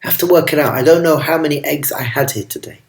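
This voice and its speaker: A man's voice: fairly high pitch, quick pace, close to an everyday voice. A man doing a stammering egg seller. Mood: flustered. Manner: stammering, unsure. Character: flustered male market egg seller. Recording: roomy echo.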